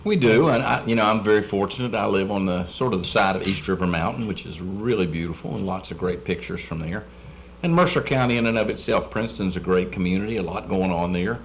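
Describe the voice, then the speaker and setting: A man with a notably deep voice chats over dinner in an easy, meandering way. He repeats words and drops fillers as he goes. A light hiss sits under the recording. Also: quick pace. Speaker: dinner guest, state delegate. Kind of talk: casual chat over dinner.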